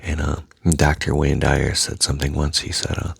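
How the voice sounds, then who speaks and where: Really deep husky guy talking soft and slow, almost whispering, dry close mic. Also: monotone, dry recording. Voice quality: husky, gravelly. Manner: soft, halting, drifts into a near-whisper. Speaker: self-help speaker. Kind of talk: reflective personal monologue.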